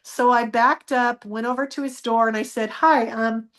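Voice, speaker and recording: A woman telling a personal story as a guest, acting out the dialogue with lively changes of voice. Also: on the high side, moderate pace. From United States. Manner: animated, acts out quoted dialogue.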